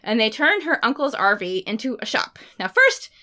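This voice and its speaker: A woman co-hosting a book podcast, chatting casually and talking about books in an excited, expressive way. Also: a little high, moderate pace. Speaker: podcast co-host.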